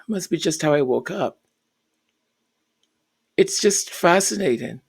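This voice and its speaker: Slow, sarcastic high-voiced man. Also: animated, vocal fry, fairly bright tone, slightly rough. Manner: sarcastic, exasperated, repeats phrases. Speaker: royal commentary vlogger. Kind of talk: mocking commentary.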